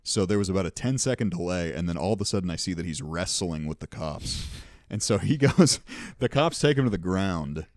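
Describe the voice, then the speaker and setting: A man's voice: sits low, expressive, fairly quick, no echo, studio quality. A young man hosting a podcast, telling rambling, profane anecdotes in casual chat. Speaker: podcast host.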